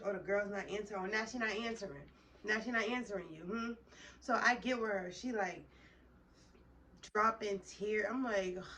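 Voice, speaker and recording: A woman's voice: medium pitch, a bit bright, a little hiss or hum. Heated woman telling a story, distant mic. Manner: heated, profane, addressing viewers directly. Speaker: storytime vlogger. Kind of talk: casual storytelling to camera.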